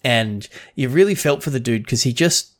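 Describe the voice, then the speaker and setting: A man's voice: medium pitch, animated, normal speed. A man co-hosting a podcast in casual chat, rambling with frequent restarts and tangents. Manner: rambling, restarts a lot, chatty with lore tangents. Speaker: podcast co-host.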